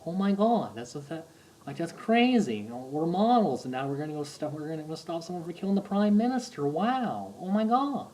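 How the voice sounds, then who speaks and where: Guy imitating a surfer-ish dude, high and loud, amazed by everything, drawn-out oh my gods. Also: sing-song, poor audio. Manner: breathless amazement, drawn-out exclamations. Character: surprised, wide-eyed laid-back dude, adult man.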